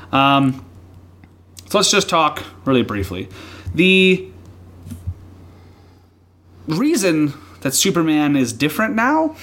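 A man co-hosting a casual podcast about comics, talking in an excited, rambling way with frequent laughs and restarts. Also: mid-range voice. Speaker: podcast co-host.

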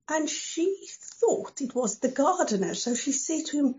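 A woman's voice: high-pitched, very animated, moderate pace, hardly any pauses, warm tone, dull audio. A woman telling a Bible story at a church service in plain, careful words. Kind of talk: slow, simple Bible storytelling.

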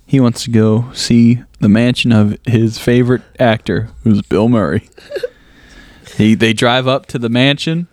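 A man's voice: medium pitch, a little slow, darkish tone, dry recording, studio quality. A man co-hosting a casual movie podcast, recapping plot in a rambling way full of fillers and laughs. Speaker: podcast co-host. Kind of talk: casual movie review chat.

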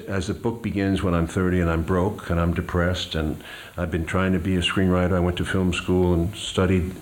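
An older man, a guest, reading from his memoir and talking in a slow, measured, hesitant way. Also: sits low.

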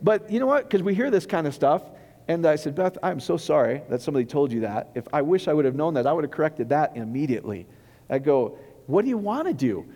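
A middle-aged male pastor preaching in a conversational, animated way, often acting out quoted voices. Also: a little high, fast talker. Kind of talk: sermon. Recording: echoey hall with long reverb.

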